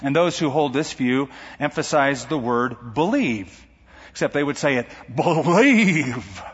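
Husky preaching man in a big hall. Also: medium pitch, fairly even intonation, normal speed. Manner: dynamic preaching with sudden rises and drops. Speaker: pastor. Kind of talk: sermon. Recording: dull recording in a large reverberant hall.

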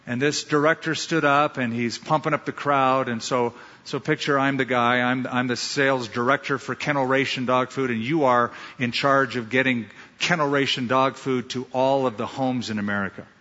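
A man's voice: medium pitch, steady tone, normal speed, pushed and bright. A man preaching a sermon as a pastor, with emphatic, storytelling delivery and repeated lines. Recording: dull sound in a large reverberant hall.

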